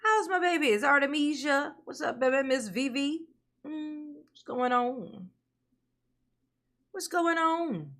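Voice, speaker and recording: Speaking slowly in a high, expressive voice with a fairly bright tone, a livestream host chats casually with her audience. She calls viewers by name, laughs frequently, and uses endearments like honey and baby.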